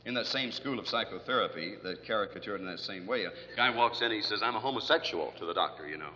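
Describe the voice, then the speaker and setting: A man's voice: on the low side, fast talker, bright, forceful tone, slight background noise. Man lecturing in a dull, roomy hall. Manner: rambling, many fillers, tells jokes with acted voices. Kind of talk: recorded lecture. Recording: distant hall, dull archival lo-fi recording.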